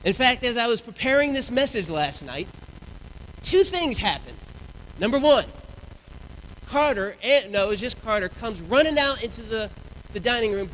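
A man in his thirties preaches in a church, his voice high and bright with a forceful edge. He tells lively family stories as he preaches, and faint background noise sits under his voice. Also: normal speed, rough recording. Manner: lively storytelling with family anecdotes. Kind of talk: sermon. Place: church sanctuary.

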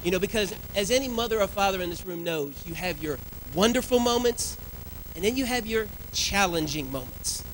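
A man in his thirties preaching a sermon in a church, telling lively stories about his family. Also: high-pitched, moderate pace, a little hiss or hum, low-quality recording. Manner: lively storytelling with family anecdotes. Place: church sanctuary.

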